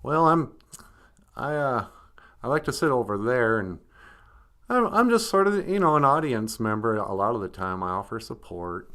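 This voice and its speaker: A man's voice: mid-range voice, big pitch swings, moderate pace, fairly bright tone, voice pushed down. A man voicing a serious, polite male dog with a Southern US accent, who stammers and defers to the host. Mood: earnest.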